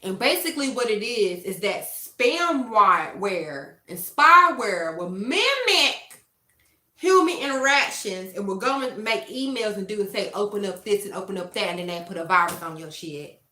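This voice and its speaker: A young adult woman hosting a casual tarot livestream, animated and laughing often as she talks straight to her chat. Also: medium pitch, moderate pace, reverberant. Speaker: tarot reader and livestream host.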